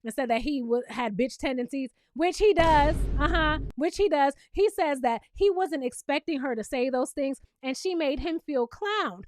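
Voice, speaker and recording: A woman's voice: sits high, no echo, clean studio sound. A woman host recapping a reality show in casual commentary, sassy and emphatic, with pointed asides to the viewer.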